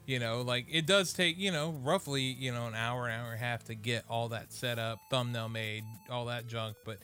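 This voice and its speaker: Bright-voiced, easygoing male podcast host. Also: medium pitch, fairly even intonation, moderate pace, soft background music. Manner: easygoing, rambling, many fillers. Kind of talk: casual chat.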